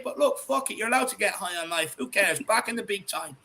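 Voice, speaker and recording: An Irish man hosting a casual fan chat, excitable, swearing freely and reading out viewer comments. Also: high-pitched, a little fast, hardly any pauses. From Ireland. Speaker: podcast host.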